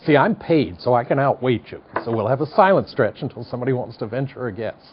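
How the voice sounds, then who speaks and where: A man's voice: mid-range voice, lively intonation, quick pace, a little hiss or hum. Wry older man with a General American accent. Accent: General American, slight Midwestern twang. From United States. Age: 60s. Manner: wry, chatty, digressive. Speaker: psychology professor. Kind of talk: televised university lecture. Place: studio classroom. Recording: dull lo-fi lecture tape.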